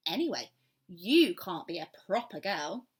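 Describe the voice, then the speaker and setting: A woman voicing a small, timid young male barn owl who turns huffy, lifting her pitch for him in a storybook reading. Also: sing-song, slightly rough, heavily acted. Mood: cross. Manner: earnest, quickly huffy.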